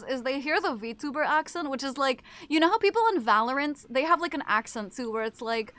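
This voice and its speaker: A woman's voice: high-pitched, fairly quick, few pauses, a bit bright. A young woman streaming a horror game, chatting casually with her viewers, swearing often and breaking into screams and laughs. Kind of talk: casual gameplay chat with chat.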